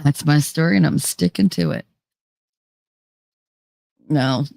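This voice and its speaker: A woman's voice: low voice, slow pace, gravelly, a little mellow, no echo, studio quality. A middle-aged woman hosting a casual livestream, chatting with her viewers and reading their comments, laughing often and swearing freely. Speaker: livestream host.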